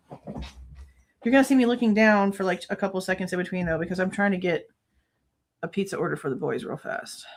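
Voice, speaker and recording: A woman's voice: lowish voice, normal speed, pauses often. A woman in her thirties hosting a true crime livestream, venting angrily with frequent swearing in casual commentary.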